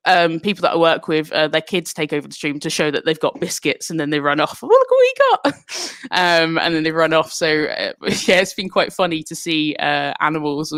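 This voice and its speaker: A low-voiced woman, a comic guest on a video call, chats hesitantly, giggling and filling pauses with ums. Her sound is close and dry, with no room around it. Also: fairly even intonation, fairly bright tone, no echo. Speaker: comedian guest. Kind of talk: casual interview chat.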